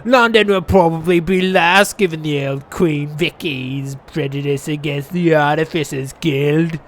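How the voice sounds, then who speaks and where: A man voicing a gruff, impatient woman artificer in a put-on Yorkshire accent, loud and clipped. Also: a little high, a little slow, pitched below the performer's own voice. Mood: retorting.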